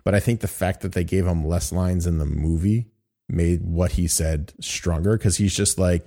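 A man's voice: low voice, fairly even intonation, normal speed, warm tone. A man casually reviewing a comic book, rambling and laughing often. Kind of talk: casual chat.

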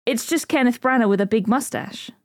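A woman's voice: on the high side, fairly quick, dry recording, studio quality. A woman co-hosting a podcast in casual chat, rambling and giggly with lots of fillers. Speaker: podcast co-host.

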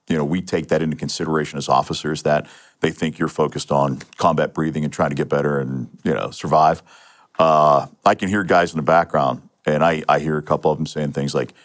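A middle-aged man from Pennsylvania, a retired police sergeant and interview guest, telling his own story in a matter-of-fact way with frequent restarts and fillers. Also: very deep voice.

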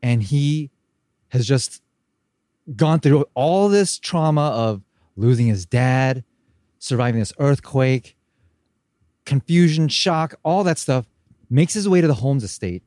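A man co-hosting a casual podcast, retelling scenes with animated, mocking delivery. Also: mid-range voice, slow pace, long pauses, dry recording, clean studio sound. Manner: animated storyteller, mocking quoted lines. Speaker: podcast co-host. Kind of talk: casual recap chat.

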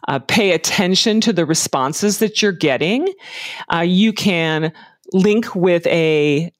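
Woman giving hiring tips, steady and thoughtful, lots of ums, dry close mic. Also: deep voice, dry recording. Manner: measured, advising, with frequent um and uh. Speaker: career and hiring advice guest. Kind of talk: conversational interview answers.

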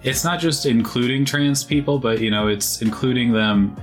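A man's voice: medium pitch, normal speed, faint music behind. A man co-hosting a casual gaming podcast, earnest and thoughtful, rambling with many fillers. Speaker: podcast co-host. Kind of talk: casual chat.

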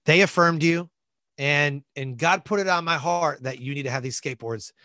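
A man guest on a podcast, telling a personal story in an animated way and acting out the voices of people in it. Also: on the high side, moderate pace, no echo. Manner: animated, acts out voices in his stories, many fillers like "like".

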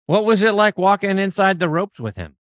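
Male podcast host, slightly high voice, reads his questions, dry close mic. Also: very animated, a little fast, fairly bright tone, dry recording. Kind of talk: podcast interview.

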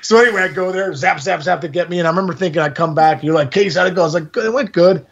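A man in his forties hosting a podcast, telling a story in casual chat, excitable and exaggerating, laughing at his own tale. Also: sits high, rapid-fire, gravelly, lo-fi sound. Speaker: podcast host.

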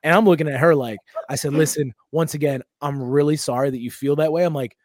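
A man's voice: a little high, quick pace, no room sound, studio quality. A man, a comedian co-hosting a podcast, telling a story in casual chat, acting out the other people and swearing freely. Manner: animated, acts out quotes, swears freely.

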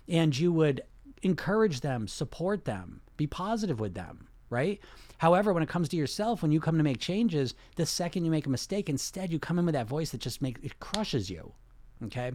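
A man's voice: on the high side, very animated, a little fast, a little mellow, no echo. A man, a hypnotherapist, explaining ideas in a conversational self-help talk and often checking in with his listeners. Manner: conversational, keeps checking in with "okay?" and "right?".

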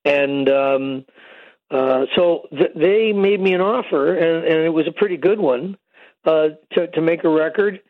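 An older man phones in to tell long, wandering stories, full of "you know" and "um." His voice sits a little high for a man and comes through a thin phone line. The sound is close and dry. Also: a little slow, dry recording. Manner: long rambling storytelling with many fillers. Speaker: guest musician. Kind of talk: casual interview over the phone.

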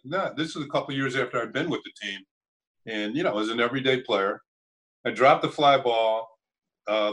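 Older man telling chuckling, halting stories. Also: medium pitch, fairly bright tone, poor audio. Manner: chuckling, halting anecdotes with restarts and acted-out quotes. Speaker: interview guest, former ballplayer. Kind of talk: relaxed storytelling in an interview.

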